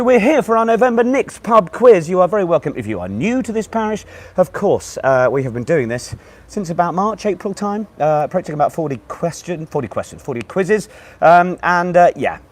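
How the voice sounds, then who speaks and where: A man hosting a live online pub quiz, chatting with viewers and reading out their messages while hoarse and still out of breath. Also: on the high side. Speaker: quiz host. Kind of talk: live-streamed quiz banter.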